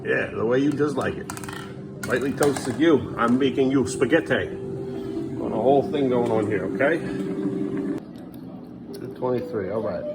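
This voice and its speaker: A man's voice: medium pitch, moderate pace, vocal fry, pauses often, loud music behind the voice. A man filming his family at home, talking in a sing-song voice to his kids and muttering weary asides. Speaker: parent vlogger. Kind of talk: casual family vlog.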